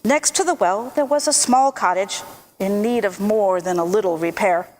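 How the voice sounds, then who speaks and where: A woman telling a folk tale aloud at a church service, lively and expressive. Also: medium pitch, a little hiss or hum. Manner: lively, expressive, slow storytelling.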